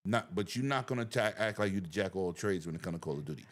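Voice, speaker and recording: A man hosting a casual gaming chat who talks loudly and animatedly, often over other people. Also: low-pitched, animated, fast. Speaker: show host.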